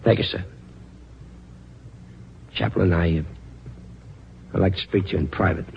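An actor playing a bitter, grieving ground crew sergeant in 1940s radio acting, curt and sarcastic. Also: male voice, sits low, measured pace, vocal fry, lo-fi sound, a little hiss or hum. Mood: defensive.

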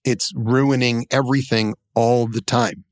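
A middle-aged man talks in loose, joking podcast chat, his pitch sitting in an ordinary middle range. He is recorded close on a dry studio mic. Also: little pitch movement, no echo. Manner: wry, joking, speeds up and slows down. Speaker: podcast co-host. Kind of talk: casual chat.

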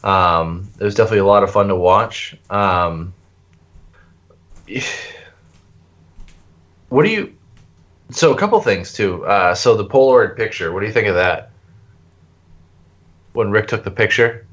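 A man's voice: fairly low pitch, lively intonation, unhurried, pauses often, a bit bright, lo-fi sound. A man co-hosting a casual podcast chat about a TV show, laid-back, with frequent laughs and fillers. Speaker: podcast co-host.

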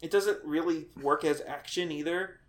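A man co-hosting a podcast in casual chat, animated and joking, often laughing. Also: a little high, normal speed. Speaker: podcast co-host.

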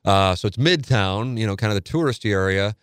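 A man from South St. Louis telling a story in a casual interview, animated and fond of acting out what people said. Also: fairly low pitch, brisk, smooth, no room sound, studio quality. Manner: animated storyteller who acts out quotes. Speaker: sports radio co-host and guest.

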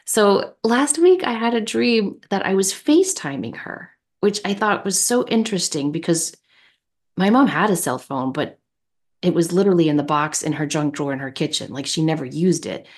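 A woman co-hosting a spiritual podcast, telling a personal story in an animated, chatty way. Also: fairly low pitch, normal speed. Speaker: podcast co-host. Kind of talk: casual chat.

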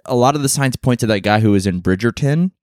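A man co-hosting a podcast, joking around in relaxed casual chat. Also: mid-range voice, fast talker, no echo, studio quality. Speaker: podcast co-host.

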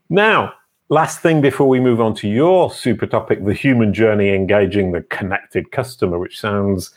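Chatty enthusiastic male interview host. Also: fairly low pitch. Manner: chatty, enthusiastic, playful teasing. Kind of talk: casual online interview.

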